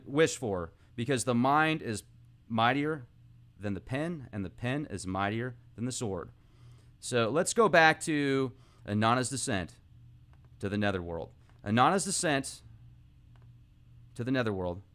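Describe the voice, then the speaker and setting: A man hosting an informal monologue, talking animatedly and excitably, speeding up and slowing down as he goes. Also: medium pitch. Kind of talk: casual esoteric monologue.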